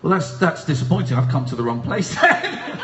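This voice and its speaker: A man hosting a live comedy radio chat, teasing and deadpan, from England. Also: on the high side, brisk, reverberant, background noise. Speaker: host. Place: live stage show with audience.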